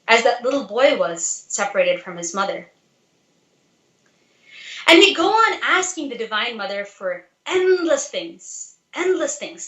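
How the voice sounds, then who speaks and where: A woman's voice: fairly high pitch, sharp tone, reverberant, low-quality recording. A woman giving an earnest devotional talk, telling a story and asking rhetorical questions to urge listeners on. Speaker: devotional speaker.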